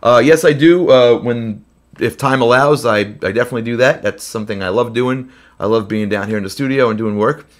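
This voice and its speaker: A man's voice: medium pitch, a little fast. A man who is under the weather hosts a live question-and-answer stream from his home studio, chatting loosely with many fillers between songs. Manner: rambling, filler-heavy chat. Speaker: host. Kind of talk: live Q&A with singing. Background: guitar playing.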